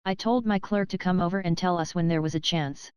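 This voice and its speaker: Female narrator voicing a boastful old-fashioned male attorney; lowish, very clear, dry. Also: brisk, a little mellow, no echo, muffled recording, lightly acted. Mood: pompous. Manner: self-important, rambling, clears throat. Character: pompous boastful male attorney, middle-aged.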